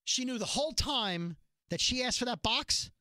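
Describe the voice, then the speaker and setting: A man's voice: very high voice, no room sound, studio quality. A man casually recapping a TV episode, animatedly acting out the quoted lines. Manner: animated retelling with quick quoted voices. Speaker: podcast host recapping a TV episode. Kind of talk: casual chat.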